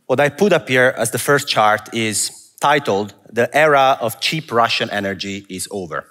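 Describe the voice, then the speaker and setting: A macro analyst with an Italian accent gives a conversational, self-deprecating conference presentation in an event hall. His mid-range voice is pushed and bright at a normal speed, and the hall sounds reverberant.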